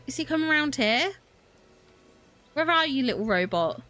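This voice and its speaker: In this gaming livestream, a young woman with a high, animated voice, pushed and bright, chatters to herself at a normal pace. She sounds flustered, laughing and exclaiming frequently.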